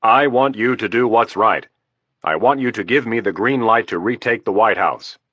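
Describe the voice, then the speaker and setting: A blunt, insistent army general, voiced by a man reading an audiobook, low and forceful. He presses every point with urgent firmness. The sound is dry and close. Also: normal speed, no echo, dull audio. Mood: urgent firm.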